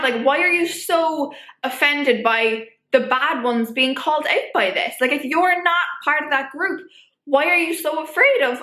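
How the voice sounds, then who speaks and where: A young woman vlogger making her case in an animated, rhetorical way, with many fillers. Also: sits high. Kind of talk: opinion vlog. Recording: echoey room.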